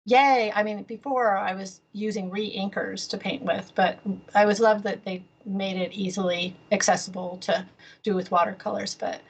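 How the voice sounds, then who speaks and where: A woman's voice: mid-range voice, fairly even intonation, normal speed, husky. A woman artist being interviewed on a podcast, talking casually with many fillers and easy laughter. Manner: rambling, lots of fillers and restarts, laughs easily. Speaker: guest artist.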